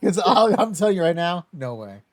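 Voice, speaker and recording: A man co-hosting a gaming podcast, chatting casually in an excitable, teasing way. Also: sits high, brisk, a loud crowd. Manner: excitable, teasing, bursts of loud laughing. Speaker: podcast co-host. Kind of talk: casual chat.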